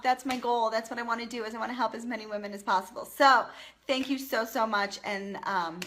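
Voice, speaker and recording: A woman's voice: fairly high pitch, moderate pace, sharp tone. A woman in her thirties, a parenting vlogger chatting casually and encouragingly to viewers on a live stream. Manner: chatty, encouraging, reads viewer comments aloud.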